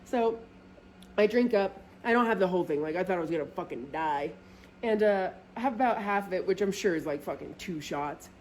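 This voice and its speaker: A woman's voice: brisk, slight background noise. Chatty swearing woman telling a story. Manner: chatty, heavy filler "like", frequent swearing; acts out quoted friends with lively pitch jumps. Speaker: vlogger. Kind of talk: casual storytime.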